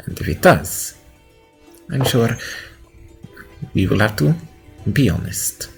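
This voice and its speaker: A man voicing a woman adventurer in formal, measured speech, using polite words to veil threats. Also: mid-range voice, expressive, vocal fry, faint music behind.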